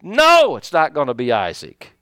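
A man delivers a folksy sermon, stumbling through restarts and fillers as he explains. His voice sits a little high and swings widely in pitch. The sound is dry and close, with no room echo. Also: normal speed. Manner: folksy, animated preaching with many fillers and restarts. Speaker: pastor.

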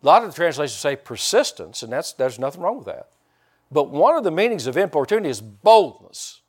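Guy preaching, chatty sermon, talks right to the crowd, voice a bit high. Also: big pitch swings, fairly quick, breathy edge. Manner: conversational preaching, talks to the congregation. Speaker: pastor.

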